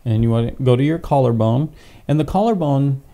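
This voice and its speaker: A man's voice: medium pitch, lively intonation, a little fast, mellow. A man, a pastor, teaching a tapping technique step by step, wearing a clip-on microphone and often checking in with "okay?". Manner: patient, step-by-step, frequent "okay?" check-ins. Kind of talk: instructional demonstration.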